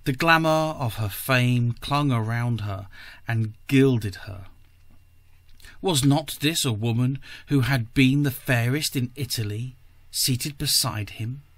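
A man, a podcast host, reading a story aloud in a measured, careful way. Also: medium pitch, dry recording.

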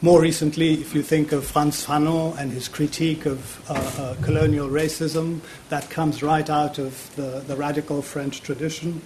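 A man in his fifties gives a public lecture in a university lecture theatre. His voice sits a little high for a man. He keeps stalling on fillers and repeating words as he thinks aloud, with a faint rumble underneath. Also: little pitch movement, moderate pace, few pauses, a little mellow.

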